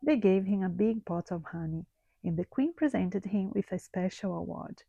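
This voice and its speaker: A woman reading a children's story aloud in a slow, gentle storytelling manner. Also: on the low side, creaky, husky, dry recording, muffled recording.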